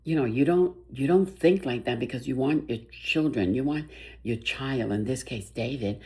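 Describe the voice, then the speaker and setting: An older woman telling a personal story about her son's illness in a soft, halting, emotional way, with many restarts. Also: extremely low pitch. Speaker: bereaved mother.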